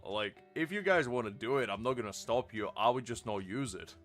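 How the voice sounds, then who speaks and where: Brief: mid-pitched male streamer, casual rambling chat, faint music underneath. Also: animated, fairly quick, a bit bright. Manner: rambling, self-mocking, laughs often. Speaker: game streamer.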